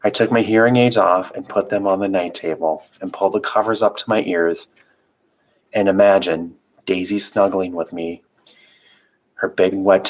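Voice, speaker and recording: A man reading a children's novel aloud, narrating in a calm, steady first-person voice. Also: low voice, low-quality recording. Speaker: reader.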